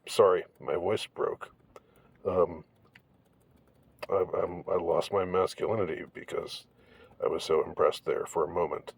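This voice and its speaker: A man giving casual commentary on an article, rambling and halting with many restarts, in a wry tone. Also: low-pitched, steady tone, creaky, slightly rough, no room sound.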